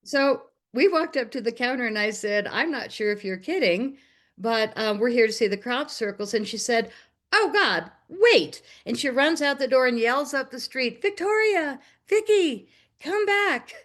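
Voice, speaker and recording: A woman's voice: a little high, moderate pace. An American woman, a documentary filmmaker and guest on an interview, tells a personal story casually and acts out the voices of the people in it. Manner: animated, acts out quoted dialogue.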